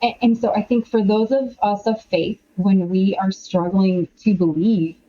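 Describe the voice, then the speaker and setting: A middle-aged woman, an author and podcast guest, talking in an animated, chatty way with many quoted asides. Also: medium pitch, a little slow, highs cut off. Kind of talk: casual conversational interview.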